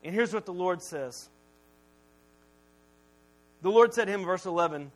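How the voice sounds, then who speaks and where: High-voiced, animated preacher. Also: male voice, normal speed, pauses often, low-quality recording. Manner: animated storytelling, jokey. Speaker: pastor. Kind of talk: sermon.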